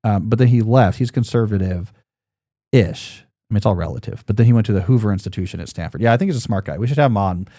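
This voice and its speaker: A man's voice: fairly low pitch, quick pace, mellow, dry recording, studio quality. A man in his forties hosting a podcast in casual chat, rambling and joking, with lots of fillers and restarts. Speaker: podcast host.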